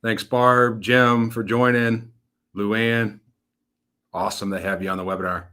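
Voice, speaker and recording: A man's voice: fairly low pitch, flat delivery, unhurried, sharp tone. A man in his thirties, a financial advisor, hosting a casual webinar in a folksy, upbeat way, telling stories and acting out the voices in them. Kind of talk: casual webinar presentation with storytelling.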